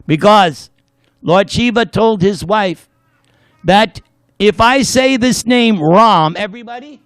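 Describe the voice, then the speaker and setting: A man's voice: high-pitched, slow pace, fairly bright tone, clear, resonant tone, dry recording. A man giving a devotional class lecture, telling stories with jokes and leading the audience in chanting. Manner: playful, leads the audience in call-and-response chanting; storytelling with jokes. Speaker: spiritual lecturer.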